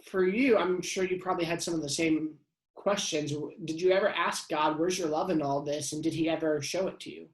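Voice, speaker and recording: A man hosts an interview and asks his guest questions in a gentle, probing way. His voice carries a roomy echo. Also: a little high, fairly even intonation, brisk. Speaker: podcast host.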